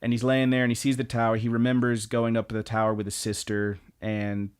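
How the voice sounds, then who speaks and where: A man's voice: medium pitch, a little fast, smooth. Casual man animatedly recapping anime. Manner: animated storyteller, acts out lines, swears casually. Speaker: podcast co-host.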